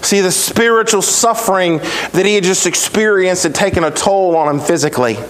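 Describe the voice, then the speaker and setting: A man preaching a sermon as pastor, with emphatic repetition and dramatic pauses. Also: high-pitched, fairly bright tone, rough recording.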